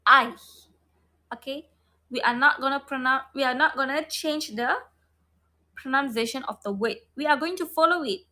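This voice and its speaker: A woman's voice: high-pitched, moderate pace, pushed and bright. A woman teaching phonics online, repeating each sound over and over and checking in with the learner. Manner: models mouth shape and breath for learners.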